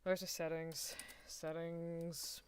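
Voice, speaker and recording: A woman's voice: fairly low pitch, flat delivery, slow pace, a little mellow, slight background noise. A woman streaming a casual anime watchalong, chatting and giggling with her chat in rambling asides. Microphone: desk mic adjusted mid-stream.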